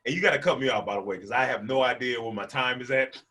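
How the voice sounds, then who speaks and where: A man in his twenties doing animated stand-up storytelling for a virtual event, laughing between lines and acting out the people in his story. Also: mid-range voice, fast. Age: 20s. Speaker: stand-up comedian. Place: a room, performing for a virtual event. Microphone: video call microphone.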